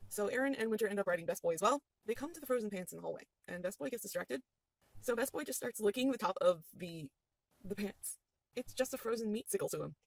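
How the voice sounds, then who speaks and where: A woman's voice: fairly high pitch, vocal fry, dry recording, poor audio. A woman as game master, recapping a tabletop game session with playful storytelling.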